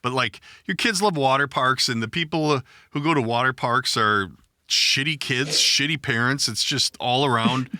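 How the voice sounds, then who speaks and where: Middle-aged guy rambling through a story on his podcast, swears a lot, real bright voice, dry close sound. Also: medium pitch, moderate pace, no echo. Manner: rambling, profane, self-deprecating storyteller. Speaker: podcast host. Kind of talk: casual storytelling chat.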